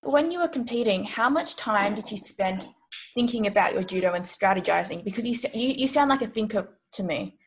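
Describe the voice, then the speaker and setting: A woman's voice: medium pitch, lively intonation, a little fast, low-quality recording. A woman hosting a podcast, asking thoughtful questions of her guest. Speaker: podcast host. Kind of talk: interviewing.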